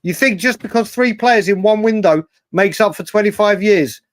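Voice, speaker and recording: A man hosting a late-night live fan stream, reading viewer messages and bantering in a rambling, excitable way with lots of slang. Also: high-pitched, normal speed, dry recording, clean studio sound. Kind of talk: live stream chat reading super chats.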